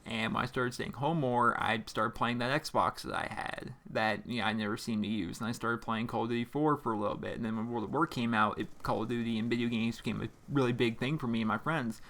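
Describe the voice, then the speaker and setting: A man's voice: medium pitch, steady tone, fairly quick, hardly any pauses, fairly bright tone. A young man from Pennsylvania in his twenties, hosting a gaming channel and answering viewer letters at his desk mic, rambling informally with lots of fillers and restarts. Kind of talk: casual to-camera chat. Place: home gaming room with a squeaky chair. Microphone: desk microphone in front of monitor.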